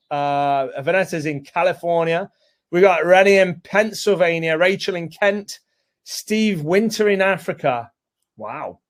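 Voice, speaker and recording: A British man with a somewhat raised voice hosts a live webinar. He talks in a chatty, rambling way and greets viewers one by one. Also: a little high. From United Kingdom. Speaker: co-host and co-founder.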